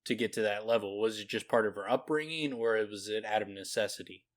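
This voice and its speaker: A man's voice: lowish voice, quick pace. A man co-hosting a podcast, chatting casually about a novel and often trailing off and restarting. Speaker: podcast co-host. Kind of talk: casual book discussion.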